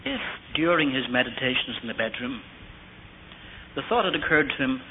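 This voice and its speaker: A man's voice: mid-range voice, animated, brisk. A middle-aged man preaching a sermon, telling a personal story and asking rhetorical questions. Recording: tinny phone-like old tape with faint hiss.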